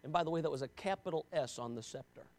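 Gravelly-voiced preacher man, high and dry. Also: quick pace. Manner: swings from quiet, low talk to loud, shouted emphasis; repetitive rhetorical questions. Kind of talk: sermon.

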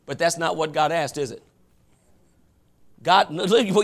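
A man preaching a fervent sermon with folksy asides, often rising to shouts. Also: a little high, measured pace, gravelly. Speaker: pastor.

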